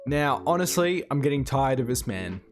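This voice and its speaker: A man casually recapping a comic chapter, excitable, reading out the characters' lines as he goes. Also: medium pitch, moderate pace, soft background music. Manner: excitable, retells the plot while reading out the dialogue. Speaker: manga reviewer.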